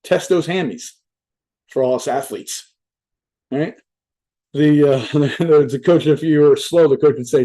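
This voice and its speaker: A man's voice: a little high, unhurried, pauses often, warm tone. A young adult man giving a casual motivational talk at a virtual event, rambling and swearing, with lots of "right?" asides. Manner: rambling, profane, filler-heavy with many "right?" asides. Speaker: motivational speaker. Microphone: virtual event talk mic.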